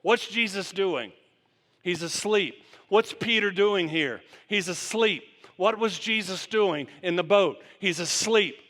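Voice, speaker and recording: High, bright-voiced pastor preaching in a reverberant church. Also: male voice, slow pace. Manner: questions the congregation in rhetorical runs. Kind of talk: sermon. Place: church sanctuary.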